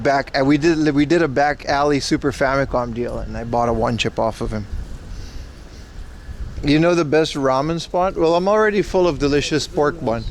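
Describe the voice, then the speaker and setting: A man's voice: on the high side, slight background noise. A sleep-deprived man hosting a casual livestream, joking sarcastically with chat while walking along a city street. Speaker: livestream host. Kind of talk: casual IRL stream chat, reading chat.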